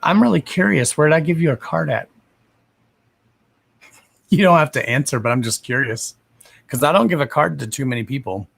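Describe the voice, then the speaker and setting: A man's voice: a little high, expressive, normal speed, gravelly, long pauses, a bit bright. A young man hosting a psychic reading livestream, chatting casually with viewers by name, swearing freely and laughing often.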